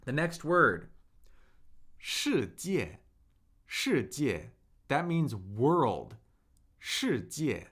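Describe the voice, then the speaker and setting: A man's voice: medium pitch, big pitch swings, extremely slow, long pauses, a bit bright, husky. A man teaching Mandarin on a live stream, upbeat and talking to viewers in the chat while he repeats vocabulary. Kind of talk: live-streamed language lesson.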